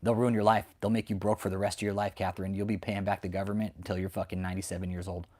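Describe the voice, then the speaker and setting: A man's voice: low voice, little pitch movement, racing, a little mellow. An American man hosting a channel, delivering an angry, profane, confrontational rant that keeps repeating its points. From United States. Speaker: host of a channel exposing cult leaders. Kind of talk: angry ranting commentary. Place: home, with dogs barking nearby.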